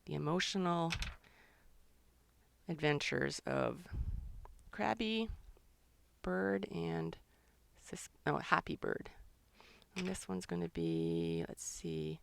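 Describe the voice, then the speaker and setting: A middle-aged woman, a children's author and illustrator, chatting excitedly and thinking aloud during a live drawing session for kids. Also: low voice, takes it slowly, gravelly, long pauses, clean tone.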